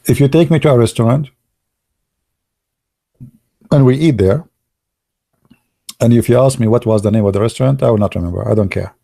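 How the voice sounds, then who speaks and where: A man whose first language is Arabic, telling stories casually in broken English, excitable and laughing at his own jokes. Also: mid-range voice, fairly quick, gravelly, long pauses. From Arab world. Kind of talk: casual storytelling monologue.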